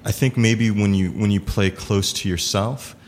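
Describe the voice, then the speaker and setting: Deep-voiced man, halting and thoughtful. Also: steady tone. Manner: halting, many fillers and restarts. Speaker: improv performer. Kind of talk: casual conversation.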